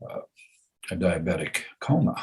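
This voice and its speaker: A man in his seventies, a guest in a conversation, telling a personal story with lively repetition and frequent chuckles. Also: sits low, normal speed. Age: 70s. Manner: animated, chuckles often, repeats phrases for effect.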